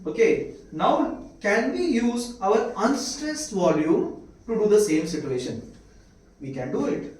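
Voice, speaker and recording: Slow and high-pitched with a darkish tone and big swings in pitch, the man has an Indian accent and lectures on medicine while constantly posing rhetorical questions to students. The mic is far off in an echoey room, with faint hiss.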